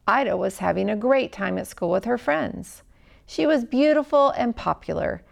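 A woman telling a story aloud in an expressive narrating style, dropping to a hush at tense moments. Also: medium pitch, creaky. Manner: dramatic, hushed at tense moments.

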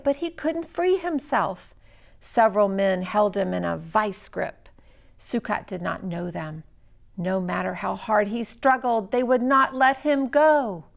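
A woman narrating a children's story expressively, with dramatic pauses. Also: mid-range voice, gravelly.

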